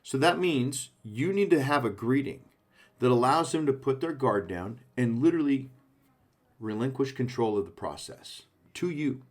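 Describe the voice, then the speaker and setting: A sales trainer coaches his team in short, punchy phrases, often checking in with "okay?". His medium-pitched voice is animated and moves at a normal pace.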